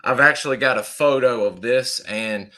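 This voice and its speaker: A man's voice: medium pitch, moderate pace, pushed and bright. A man hosting a podcast, chatting with lots of fillers. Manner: chatty, uses fillers and southern "y'all". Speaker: podcast host. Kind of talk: casual chat.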